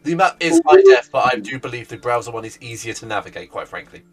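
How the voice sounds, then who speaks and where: A man's voice: mid-range voice, wildly swooping pitch, quick pace, faint music behind. A man running a tabletop game as game master, chatting casually and laughing often with his players.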